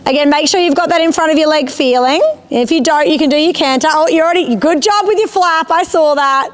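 A woman's voice: high-pitched, a little fast. A woman instructing a rider in a riding arena, encouraging and often checking that she understands. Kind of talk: live coaching of a rider.

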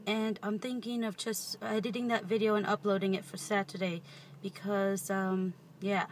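Her voice is mid-range and level, moving at a moderate pace, with a little hiss or hum on the close-up handheld camera audio. She's a young woman in her twenties in a parked car, rambling playfully and self-amusedly in a put-on British accent for a casual vlog.

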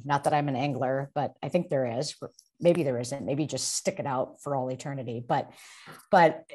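A woman with a low-pitched voice talks through a Bible passage on a video call. She is reflective and searching, circling back and restarting her sentences as she thinks aloud. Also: normal speed, darkish tone, breathy edge. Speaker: seminary professor, podcast co-host. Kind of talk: casual discussion of scripture.

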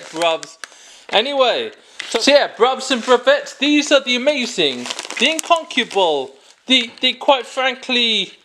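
A man hosting a comic product-review vlog, rambling with jokey asides and quick self-corrections. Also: extremely high pitch, pushed and bright, a little hiss or hum.

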